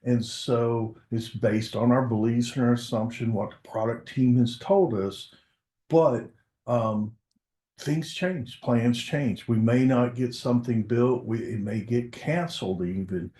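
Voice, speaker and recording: A man's voice: mid-range voice, a little slow, warm tone, echoey room. A man presenting a corporate webinar as a product success manager, speaking casually and conversationally with frequent filler words.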